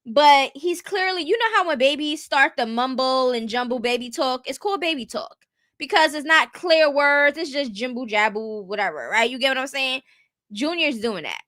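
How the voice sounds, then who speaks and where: High, bright-voiced woman giving blunt commentary. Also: lively intonation, moderate pace, no room sound. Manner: blunt, rhetorical, keeps asking viewers "you get what I'm saying". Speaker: commentary host. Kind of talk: casual commentary.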